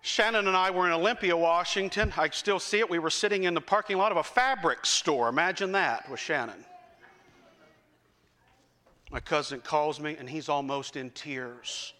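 A man preaching a sermon, telling folksy stories in a conversational way and slowing down for emphasis. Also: a little high, bright, forceful tone. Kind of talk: sermon with storytelling. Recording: reverberant hall.

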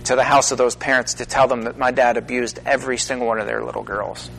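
A man's voice: mid-range voice, flat delivery, gravelly, a bit bright, faint music behind, rough recording. Earnest man preaching a personal testimony. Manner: earnest, halting pauses, rising to emphatic stresses. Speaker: minister. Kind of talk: personal testimony talk to an audience.

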